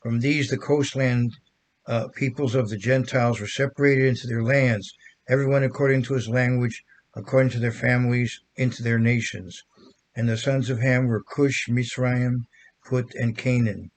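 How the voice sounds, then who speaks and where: Older male podcast co-host, measured reader, plain mid-pitched voice. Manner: steady, measured reading of name lists with small stumbles. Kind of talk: scripture reading.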